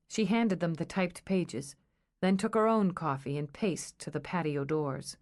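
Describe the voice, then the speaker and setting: A woman narrating an audiobook in a measured, storytelling manner. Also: low voice, fairly even intonation, a little mellow.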